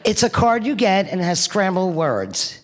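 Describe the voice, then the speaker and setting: A woman's voice: medium pitch, sing-song, moderate pace. A middle-aged woman with a New York accent, giving a eulogy full of funny stories and laughing as she tells them. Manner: chatty storyteller who laughs through her stories. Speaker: eulogy speaker. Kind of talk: eulogy sharing funny memories. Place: church hall. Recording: long reverb of a church hall.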